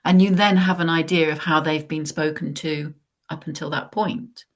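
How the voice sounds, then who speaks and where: A woman's voice: low voice, steady tone. A woman author as a guest in a conversation, talking reflectively and acting out bits of dialogue. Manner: reflective, measured, acts out dialogue. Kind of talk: live conversation.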